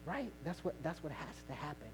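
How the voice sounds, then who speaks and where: A male pastor preaching a sermon, telling a story in a conversational way with laughter and sudden shouts. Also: fairly high pitch, sing-song, fairly quick, slight background noise.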